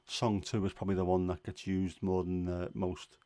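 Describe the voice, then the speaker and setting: Scouse man hosting a casual live chat, lowish voice, dry close sound, rambling with ums. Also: little pitch movement, moderate pace, warm tone, dry recording. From Liverpool, England. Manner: rambling, chatty, many fillers. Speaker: livestream host. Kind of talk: casual chat answering viewers.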